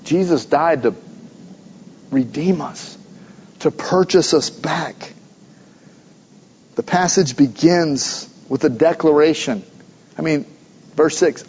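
High-pitched guy preaching, earnest and repetitive, kinda muffled lo-fi audio. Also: slow, pauses often, darkish tone, breathy edge. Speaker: pastor. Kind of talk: sermon.

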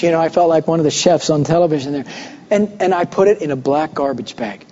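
High-pitched guy preaching, tells a story and does the voices, muffled recording w/ long hall echo. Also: quick pace. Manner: animated storytelling, acts out voices. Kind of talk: sermon with personal story.

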